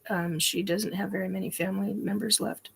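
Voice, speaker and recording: A woman's voice: medium pitch, fairly even intonation, brisk, vocal fry, breathy edge. A woman hosting a show, telling a personal story in a rambling, emphatic way with many ums and restarts. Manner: emphatic, swears casually. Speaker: host.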